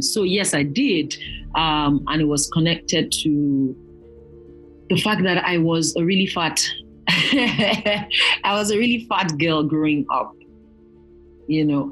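A woman's voice: low voice, husky, poor audio. A woman, a guest telling her story earnestly and in detail. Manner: earnest, animated when quoting others. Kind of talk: reflective storytelling.

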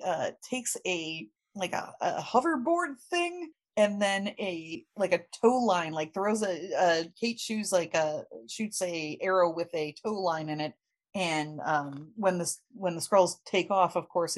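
A woman casually recapping a comic book story with lots of fillers and laughter. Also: on the low side. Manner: chatty, laughing, many fillers. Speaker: podcast host.

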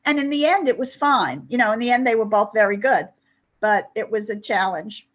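Older woman, husky voice, chatty anecdotal guest. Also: a little high, normal speed. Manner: chatty storytelling, many "you know" asides. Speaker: interview guest. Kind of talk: anecdotal interview.

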